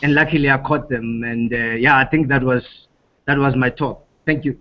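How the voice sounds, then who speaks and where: A man's voice: medium pitch, fairly even intonation, moderate pace. A man introducing himself as an ecology student on a video call, brief and matter-of-fact. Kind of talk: casual self-introduction. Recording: dull lo-fi call audio.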